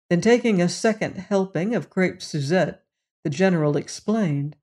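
Audiobook narrator, very slow and deliberate, mid-range pitch. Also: a little mellow. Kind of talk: audiobook narration of a short story.

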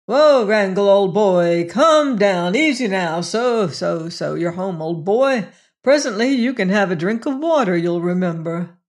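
A slow storybook narrator voicing a rugged young male rider who talks loudly and heartily. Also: mid-range voice, expressive. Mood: soothing. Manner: loud, hearty, soothing to his horse.

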